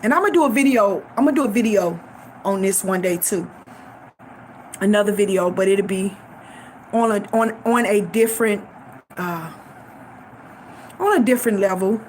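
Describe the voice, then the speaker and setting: A woman's voice: mid-range voice, moderate pace, long pauses, a little mellow, a little hiss or hum. A middle-aged woman sharing a faith testimony, fervent and preaching, repeating phrases for emphasis.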